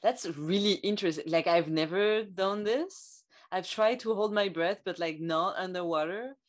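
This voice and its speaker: A woman's voice: medium pitch, moderate pace. A woman co-hosting a podcast, chatting casually and hesitantly, searching for words with many fillers. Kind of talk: casual conversation.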